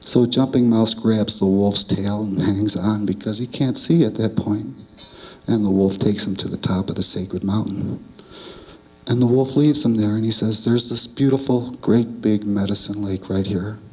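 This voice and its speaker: A man tells a traditional tale aloud in a calm, measured way, with a steady, repeating cadence. His voice sits low. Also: poor audio. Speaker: storyteller. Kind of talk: oral storytelling of a traditional tale.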